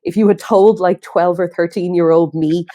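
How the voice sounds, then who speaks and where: A woman's voice: on the low side, steady tone, normal speed, mellow. A woman with an Irish accent, a guest on a podcast, chatting casually with lots of "like" and "um". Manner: chatty, with frequent "like" and "um" fillers. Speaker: podcast guest, brow artist. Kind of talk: casual chat.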